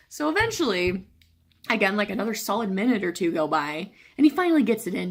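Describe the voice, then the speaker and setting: A woman's voice: medium pitch, lively intonation, normal speed. A young woman tells a story to the camera in a casual vlog, chatty and sarcastic, filling her talk with "like". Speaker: cancer patient vlogger.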